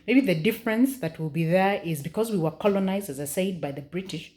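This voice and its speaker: A woman's voice: fairly low pitch, lively intonation, brisk, mellow. A young Kenyan woman with a Kenyan accent, chatting casually in her vlog, laughing often and using lots of fillers. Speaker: vlogger.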